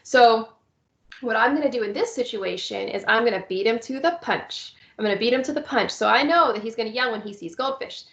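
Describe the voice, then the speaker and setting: A slightly high, gravelly woman's voice moves fairly quickly through a step-by-step recorded lesson on young children with visual impairments, sometimes acting out upbeat teacher lines. The audio is lo-fi and the room is echoey.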